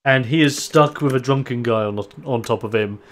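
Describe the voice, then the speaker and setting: A man's voice: mid-range voice, normal speed. A man running a tabletop role-playing game as game master, narrating the action casually and laughing often.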